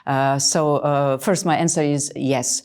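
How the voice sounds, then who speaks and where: A woman in her sixties answering interview questions earnestly, emphatic and often pausing with fillers. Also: rumbling low, steady tone, a little mellow. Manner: emphatic, hesitant with many fillers. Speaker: interviewed official.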